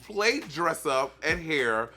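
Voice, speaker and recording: A man hosts a playful, campy chat, his slightly high voice bright and swinging widely in pitch. He laughs easily between lines. Faint music sits underneath. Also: very animated, slow pace. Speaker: host. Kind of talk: casual chat.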